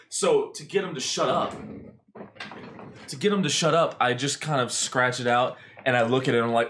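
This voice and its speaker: A man hosting a podcast, telling a funny story in a loose, animated way. He swears freely and speaks at a mid pitch. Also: normal speed, long pauses. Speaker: podcast host. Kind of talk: casual storytelling.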